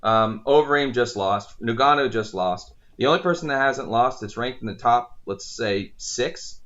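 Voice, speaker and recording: A man's voice: medium pitch, measured pace, a bit bright, dull audio. A man co-hosting a casual podcast chat about fights, talking animatedly and acting out fighters' lines. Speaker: podcast co-host.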